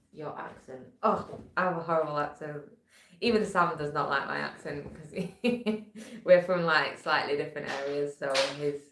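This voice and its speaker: A woman hosting a casual live stream from home, chatting and reading out messages from the chat. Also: sits low. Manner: chatty, reads chat messages aloud, trails off with fillers. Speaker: livestream host. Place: room at home. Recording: echoey room.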